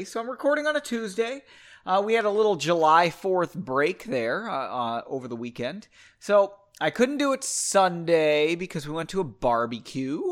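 A man hosting a casual solo podcast about his own book, ranting and joking at himself, swinging between loud outbursts and muttered asides. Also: high voice.

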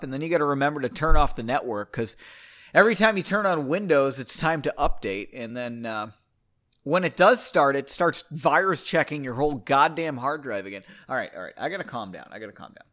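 A man hosts a casual solo podcast and rants freely, mocking himself as he goes. His voice sits a little high and jumps all over the place, flaring into loud bursts and then dropping to a mutter. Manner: ranting, self-mocking, swings between loud outbursts and mumbling asides. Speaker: podcast host reading his own book.

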